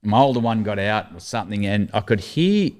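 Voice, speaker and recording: A middle-aged man with an Australian accent and a lowish voice, chatting casually as a guest. He spins animated anecdotes, often chuckling mid-sentence and putting on the voices of the people he quotes. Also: fairly quick. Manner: lively anecdotes, laughs through his stories, acts out quoted lines. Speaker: guest, former cricketer. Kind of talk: casual storytelling chat.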